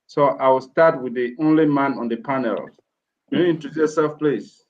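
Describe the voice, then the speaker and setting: A man hosting a live panel discussion, introducing guests in a relaxed, informal way. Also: medium pitch, moderate pace. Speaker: host. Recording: dull lo-fi sound with faint noise.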